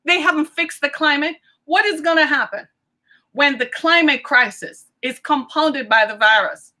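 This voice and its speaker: A woman's voice: high voice, moderate pace, pushed and bright. A woman hosting a podcast, delivering a fiery, impassioned monologue full of pleading questions to her listeners. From United States. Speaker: podcast host. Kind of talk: preachy monologue.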